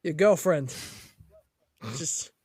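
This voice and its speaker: A man's voice: on the high side, extremely slow, darkish tone, no room sound, clean studio sound. A man voicing a pushy male merchant with an overplayed Boston accent and cocky street-tough patter. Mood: brash. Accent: exaggerated Boston.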